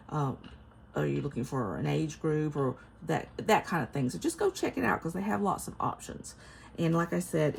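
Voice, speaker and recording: Chatty Southern woman with a gravelly voice. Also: fairly low pitch, slight background noise. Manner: chatty, laughs often, folksy. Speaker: vlogger reviewing a Bible study. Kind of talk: casual chat to camera.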